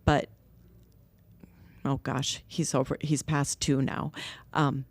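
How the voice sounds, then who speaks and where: A middle-aged woman telling stories in conversation, candid and lively, acting out what others said. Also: rumbling low, slow pace, dry recording. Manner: candid, animated quoting of others. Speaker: guest, nonprofit co-founder. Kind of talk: conversational storytelling. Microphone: podcast microphone.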